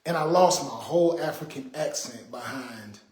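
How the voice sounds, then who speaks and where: A man's voice: mid-range voice, moderate pace, a little mellow. A man hosting a casual livestream, talking in an exasperated, preachy way to his viewers. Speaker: livestream host. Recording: roomy echo.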